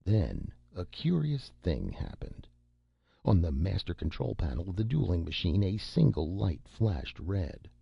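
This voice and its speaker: A man narrating an audiobook in a measured, steady reading style. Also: low-pitched, vocal fry, breathy edge, no room sound. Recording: dull lo-fi recording.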